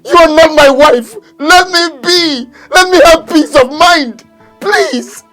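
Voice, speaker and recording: An actor playing a husband who cannot walk, speaking in a gravelly, husky voice with anguished pleading. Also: male voice, sits low, takes it slowly, darkish tone, soft background music, exaggerated voice. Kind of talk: film drama acting.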